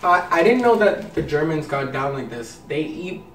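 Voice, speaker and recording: A man's voice: a little high, sing-song, moderate pace. Playful man in a roomy echo. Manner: playful, easily delighted. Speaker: vlogger host. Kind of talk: casual candy-tasting chat. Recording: roomy echo, from a distance, faint noise.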